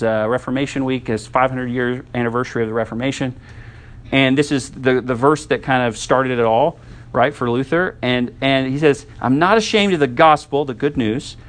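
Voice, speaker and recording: A man preaching a sermon in a conversational teaching style, often checking in with the listeners with quick asides. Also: mid-range voice. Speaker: pastor.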